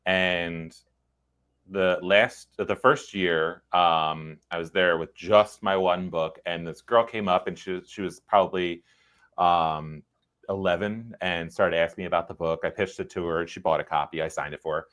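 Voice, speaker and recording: Male novelist and co-host, very low voice, relaxed rambling storyteller in casual livestream chat. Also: normal speed. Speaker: young adult novelist and podcast co-host.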